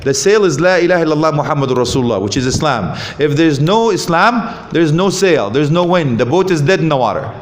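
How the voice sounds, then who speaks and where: A man giving a lively talk on marriage at a mosque, asking the audience questions and joking. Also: a little high, a little fast, few pauses. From Canada. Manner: animated, asks the audience questions, jokes. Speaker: visiting Islamic speaker. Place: mosque hall. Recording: roomy hall with faint ambience.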